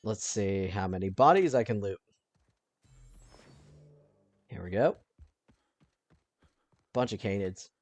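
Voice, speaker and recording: A man giving casual let's-play commentary, thinking aloud and now and then breaking into panicked yelling. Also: fairly low pitch, animated, a little slow, no echo.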